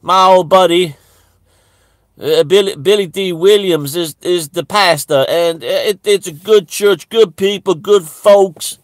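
His voice is high and unhurried, free of room sound. Playing the bigoted churchgoer in his satirical monologue, he rambles and stammers, constantly starting phrases over and repeating himself.

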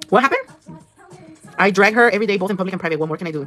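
Speaking briskly in a mid-range, fairly bright voice, a woman paints nails on a livestream and chats casually with music behind her. She curses freely, slips into Spanish, and responds to comments from viewers.

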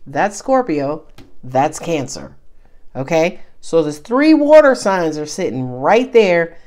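A woman's voice: low voice, sing-song, takes it slowly, a little mellow. A woman reading tarot cards to camera in a casual, emphatic way, full of slang and calling the listener baby. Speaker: tarot reader.

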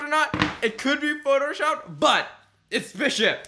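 Excitable young man, high lively voice. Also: moderate pace. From Canada. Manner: excitable, jumps between murmured asides and loud exclamations. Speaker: YouTube commentary host. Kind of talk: casual reaction commentary.

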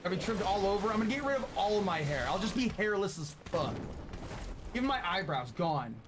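Gaming live for his viewers, this late-twenties man talks casually and swears a lot, loud one second and softly grateful the next. His voice is high and his pace brisk, with noise in the background.

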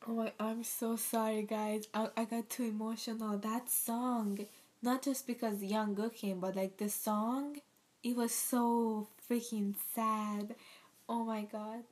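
A young woman talks to her viewers in a reaction video, teary and gushing with exclamations and fillers. Her voice sits a bit high. She speaks slowly and stops often to gather herself. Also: flat delivery, a little mellow. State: teary, near crying. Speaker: video host reacting to a music video. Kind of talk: casual reaction vlog.

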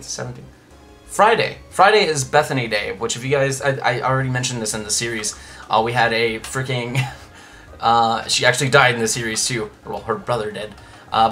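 Bright-voiced young man rambling over gameplay. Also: mid-range voice. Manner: rambling, chatty, many restarts and asides. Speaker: Let's Play host. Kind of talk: casual gameplay commentary.

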